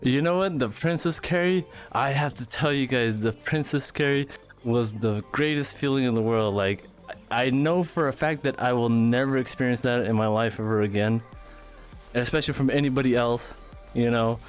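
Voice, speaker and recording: A young male streamer talks to his chat while dancing in VR, breathless and quick to giggle. His voice sits at a middle pitch, with faint music playing under him. He chats loosely and playfully, reading out names from chat. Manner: chatty, giggly, animated, reads chat aloud. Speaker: livestreamer. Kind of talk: casual live-stream chat.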